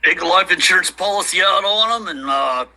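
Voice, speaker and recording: A man's voice: sits high, animated, a little fast, bright, forceful tone, rough recording. A man chiming in on a livestream with crude, joking asides. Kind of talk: casual livestream chat.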